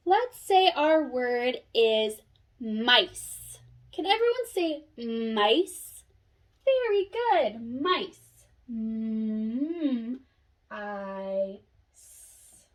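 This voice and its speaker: A young woman teaching a phonics lesson, sounding out letters slowly and praising an imagined class. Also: sits high, very animated. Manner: slow, sing-song classroom praise and sounding out.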